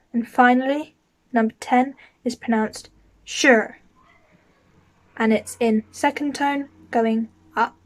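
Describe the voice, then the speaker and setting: Slow, patient woman teaching vocabulary. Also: fairly high pitch, a little mellow. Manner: patient, says each word twice clearly. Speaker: language teacher. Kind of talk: slow, clear lesson with repeat-after-me drills.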